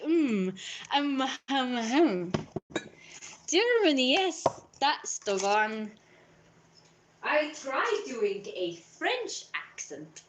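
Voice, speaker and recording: A woman's voice: high-pitched, big pitch swings, very slow, a little hiss or hum. A woman live streaming in a playful, theatrical persona, slipping in and out of put-on accents and dropping into whispered asides.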